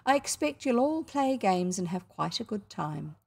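A woman's voice: mid-range voice, very animated, normal speed, gravelly. A woman with a New Zealand accent voicing a soothing, cheerful mother in a storybook reading.

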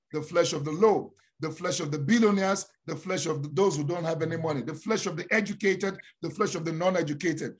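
A man's voice: on the high side, slightly rough. A man with a Nigerian accent, a pastor giving a fervent, emphatic prophetic sermon. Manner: fervent, emphatic preaching with rising declarations.

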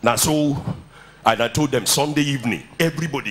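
A man's voice: medium pitch, brisk, fairly bright tone. A man preaching a sermon in a church, telling stories and leading the congregation in call-and-response. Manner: storytelling, then rousing the congregation with call-and-response. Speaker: pastor.

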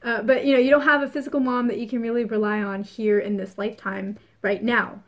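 Earnest chatty woman, fairly high voice. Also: little pitch movement, fairly quick. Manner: chatty and earnest, repeats phrases for emphasis. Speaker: spiritual reader. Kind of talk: casual spoken astrology forecast.

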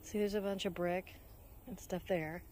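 A woman's voice: on the low side, fairly even intonation, normal speed, a little mellow, slight background noise. Chatty woman vlogging on a walk. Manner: chatty, out of breath while walking uphill. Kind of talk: casual walking vlog chat. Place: outdoors on a neighborhood road. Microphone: handheld phone camera.

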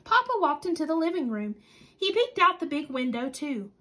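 A woman reading a children's story aloud in an expressive, sing-song, deliberate way. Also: high-pitched. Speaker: storybook reader.

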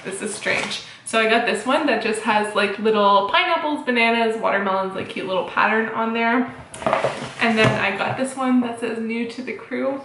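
A woman's voice: a little high, normal speed, reverberant, background noise. Chatty young woman vlogging at home. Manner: chatty, giggly, rambling. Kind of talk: casual vlog chat to camera.

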